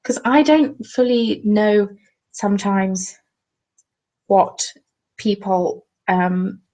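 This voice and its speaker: A woman's voice: mid-range voice, drawn-out words, warm tone, rough recording. A young southern English woman chatting casually on a craft live stream at home, joking and reading viewer comments aloud. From England. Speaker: craft vlogger. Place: at home, seated. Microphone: webcam.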